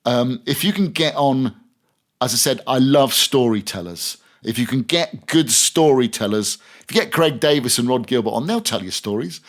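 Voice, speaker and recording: A middle-aged radio presenter appears as a podcast guest in a casual interview, rambling through stories with lots of restarts. His mid-range voice has lively intonation and a moderate pace.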